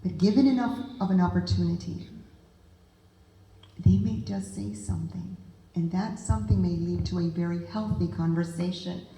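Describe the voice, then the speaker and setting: A woman's voice: on the low side, normal speed, dark tone, reverberant, rough recording. A woman giving an earnest, emphatic talk to a group of parents, speaking directly to the audience. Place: meeting room with audience.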